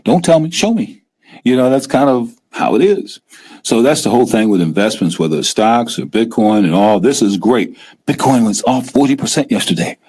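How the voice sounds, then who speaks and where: A middle-aged man hosting a casual live-stream talk show, animated and often acting out scared investors in a raised voice. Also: medium pitch, breathy edge. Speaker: host.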